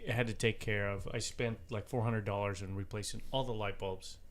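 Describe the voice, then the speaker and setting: Lowish matter-of-fact man chatting. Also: steady tone, moderate pace. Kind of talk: casual chat.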